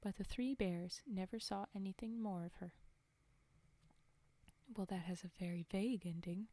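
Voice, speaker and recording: A woman whispering a fairy tale slowly and softly as a storyteller, in a whispered role-play reading. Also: mid-range voice, steady tone. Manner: soft, slow, whispered reading. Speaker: storyteller and streamer.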